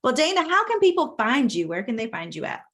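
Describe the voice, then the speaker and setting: A woman's voice: high voice, big pitch swings, brisk. Affirming woman podcast host. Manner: warm affirming, encouraging. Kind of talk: casual interview chat.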